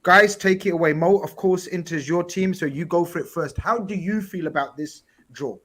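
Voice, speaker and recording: A man's voice: sits high, normal speed, a bit bright. A man hosting a football panel, steering the debate in a jokey manner. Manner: jokey, steering, talks over others. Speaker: host.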